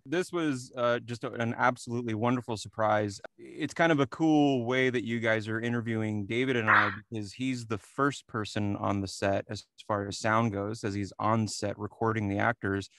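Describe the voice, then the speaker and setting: Low-voiced man, casual and relaxed. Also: moderate pace, hardly any pauses, no echo. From New Jersey. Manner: relaxed, chuckles often, many fillers and restarts. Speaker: re-recording mixer, interview guest. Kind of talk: casual interview talk.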